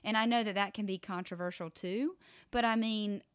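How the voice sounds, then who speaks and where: A woman's voice: medium pitch, fairly even intonation, normal speed, a bit bright, smooth, no echo. A woman in her thirties co-hosting a podcast, talking through ideas in a reflective, casual way. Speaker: podcast co-host. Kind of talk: casual chat.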